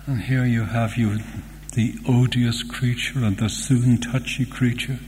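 Older male preacher, slow earnest sermon, mellow voice, long church reverb, faint hum. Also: medium pitch, fairly even intonation. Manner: slow, earnest, fond digressions.

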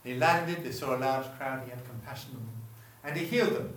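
A man's voice: medium pitch, brisk, fairly bright tone. A man preaching a sermon, chatty and often stopping himself mid-sentence to put questions to the congregation. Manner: chatty, self-interrupting, asks the room questions. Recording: echoey room, voice from far off.

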